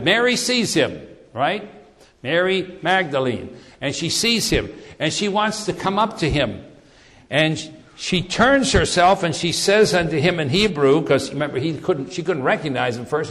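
A man preaching a sermon, reading and explaining scripture, often repeating words and slowing down for emphasis. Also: on the high side, long reverb tail.

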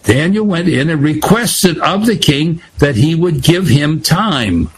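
A man teaching a Bible study lesson, retelling scripture in an animated, digressive way. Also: on the high side, slow pace, hardly any pauses, husky, low-quality recording.

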